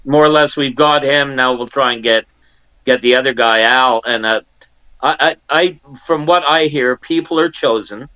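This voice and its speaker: A man's voice: mid-range voice, normal speed, bright, forceful tone, clean tone, dry recording, lo-fi sound. A man in his sixties from Canada, a guest in an interview, telling a personal story and acting out the family members he quotes, with many restarts. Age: 60s.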